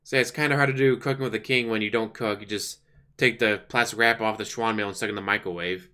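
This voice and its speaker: A man's voice: fairly low pitch, fairly even intonation, fast, bright, forceful tone, clear, resonant tone. A man giving casual, sarcastic, mocking commentary on a live stream.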